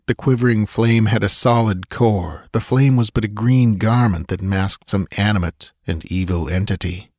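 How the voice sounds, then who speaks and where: A man narrating a sword-and-sorcery audiobook in a measured, steady storytelling manner. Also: on the low side, no room sound, studio quality. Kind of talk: scripted narration.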